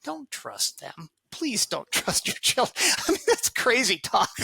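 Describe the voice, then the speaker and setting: A man being interviewed on a podcast as a parenting expert, telling stories with animated energy, acting out quoted voices and laughing often. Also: very high voice, measured pace, vocal fry, husky, dry recording.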